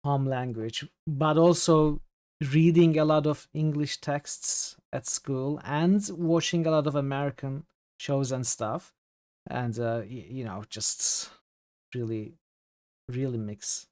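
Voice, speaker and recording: A man's voice: medium pitch, steady tone, a little mellow, dry recording. Turkish-accented guy streaming a game, native turkish, lots of ums, reads chat, dry close sound. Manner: thinking aloud, reading chat, halting with fillers. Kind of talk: casual gameplay commentary.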